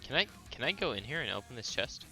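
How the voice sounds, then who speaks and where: A man playing in a tabletop game over a voice call, asking quiet curious questions. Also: medium pitch, very animated, quick pace, soft background music. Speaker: player. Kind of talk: casual tabletop role-play chat.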